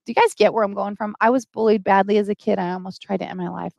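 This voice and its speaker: A woman's voice: mid-range voice, fairly even intonation, fast talker, gravelly, few pauses, darkish tone, dry recording, clean studio sound. A middle-aged woman hosting a live stream, earnestly pleading with viewers for help and greeting them by name as she talks.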